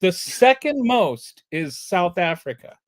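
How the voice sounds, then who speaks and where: A man's voice: high voice, slow pace. Middle-aged man telling a rambling anecdote. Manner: animated anecdote teller, rambling with filler words. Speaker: podcast host. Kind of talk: casual conversational storytelling.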